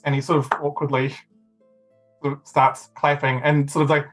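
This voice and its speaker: Game master, rambling narration, mid pitch, light music under; a man. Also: level tone, normal speed, fairly bright tone, low-quality recording. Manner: rambling, filler-heavy narration.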